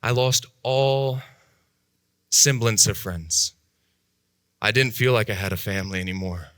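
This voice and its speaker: A man telling his own life story in a talk, animated, jumping high in pitch and dropping to hushed tones as he acts out voices. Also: measured pace, no echo, clean studio sound. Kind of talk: dramatic personal storytelling talk.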